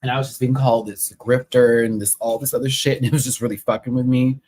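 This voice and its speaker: A young man chatting casually on a live stream review, excitable and swearing often. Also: medium pitch, quick pace, rough recording.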